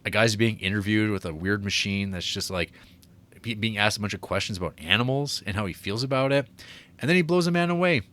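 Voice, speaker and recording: A man's voice: fairly low pitch, fairly quick, fairly bright tone. A man co-hosting a film podcast, chatting casually in a rambling way with lots of fillers. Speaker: podcast co-host. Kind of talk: casual film review chat.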